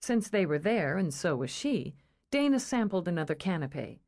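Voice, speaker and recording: A woman reading a romance novel aloud in a measured, expressive storytelling style. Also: on the low side. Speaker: audiobook narrator. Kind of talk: scripted narration.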